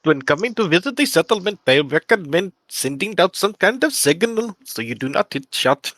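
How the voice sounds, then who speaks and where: A man's voice: high-pitched, very animated, moderate pace, fairly bright tone, no echo, exaggerated voice. A man voicing a polite male robot envoy with stiff, formal robotic diction.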